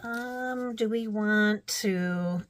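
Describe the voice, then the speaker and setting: A woman's voice: medium pitch, extremely slow. A woman narrating her crafting casually, thinking aloud with chatty, self-deprecating asides.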